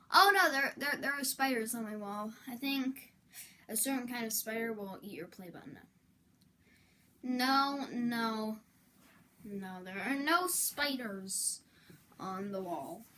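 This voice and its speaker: A woman's voice: on the high side, a bit bright, a little hiss or hum. A woman YouTuber in casual vlog talk, rambling and interrupting herself, with melodramatic outbursts.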